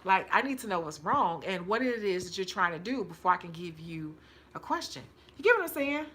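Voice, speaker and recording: A woman's voice: fairly low pitch, very animated, a little fast, a bit bright. A woman from hosting a casual livestream as a nail technician, chatty and emphatic, repeating her points and laughing often.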